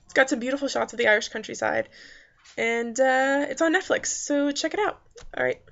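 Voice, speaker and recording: A woman talks through a movie review in a loose, rambling way, full of fillers and restarts. Her voice sits a little high with a gravelly fry at the ends of phrases. The recording is dull and lo-fi. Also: a little fast, a bit bright. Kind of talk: casual spoken movie review. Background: faint background noises.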